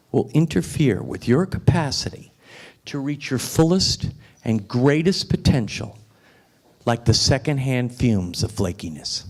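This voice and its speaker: A man's voice: mid-range voice, big pitch swings, slow pace, pauses often. A man giving a motivational speech at a restaurant luncheon, emphatic and repeating phrases for effect. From United States. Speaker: guest speaker. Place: restaurant event room.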